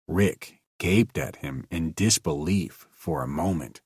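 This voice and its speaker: A man narrating an old-time radio style story with expressive storytelling. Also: extremely low pitch, slow pace, few pauses, husky, no room sound, clean studio sound.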